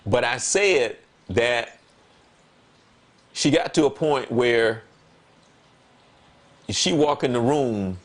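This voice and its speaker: A man in relaxed conversation on a talk show, telling a personal story. He leans on words and repeats them for emphasis. When he acts out what he said, his voice leaps up animatedly. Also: mid-range voice, extremely slow, pauses often. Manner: animated, voice jumps up when quoting himself. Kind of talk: casual conversation.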